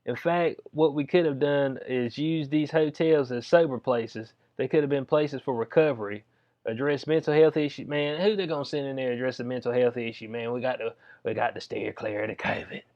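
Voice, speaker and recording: A man's voice: medium pitch, fairly quick. A man giving casual commentary, reading news aloud and riffing on it with slang and jokes. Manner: slangy, joking, reads news aloud and riffs on it. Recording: dull lo-fi audio.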